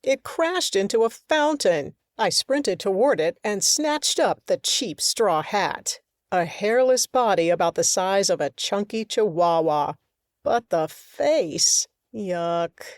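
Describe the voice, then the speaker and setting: A woman reading fiction for an audiobook, expressive and measured. She takes her time through each line, her voice mid-pitched. The studio sound is close and dry. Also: dry recording. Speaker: audiobook narrator. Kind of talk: scripted fiction narration.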